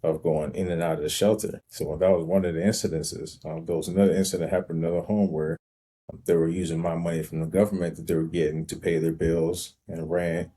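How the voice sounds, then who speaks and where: A man hosting his own show, slowly and reflectively recounting his life story with frequent pauses and ums. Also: deep voice, flat delivery, mellow, breathy edge. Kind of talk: personal storytelling monologue.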